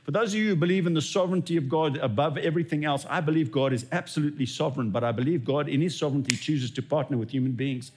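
Pastor guy preaching, kinda husky, highish voice, acts out the back and forth. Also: fast talker, few pauses. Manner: storytelling, acts out dialogue with God. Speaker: lead pastor. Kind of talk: sermon.

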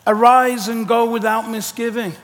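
A man's voice: very high voice, flat delivery, moderate pace, fairly bright tone, voice pushed up. A man voicing a stern divine figure who gives blunt commands. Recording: echoey hall reverb.

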